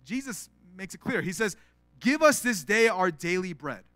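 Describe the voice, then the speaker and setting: A man's voice: high-pitched, animated, normal speed, pushed and bright, no echo, faint music behind. A man, a pastor, preaching an earnest sermon, often acting out prayers as quoted speech and repeating words as he starts sentences. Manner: acts out prayers in quoted voices.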